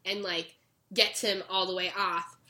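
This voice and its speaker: A woman's voice: medium pitch, flat delivery, unhurried, bright, forceful tone. A young woman casually recapping a show for a podcast, acting out the characters' lines and laughing often. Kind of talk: casual chat.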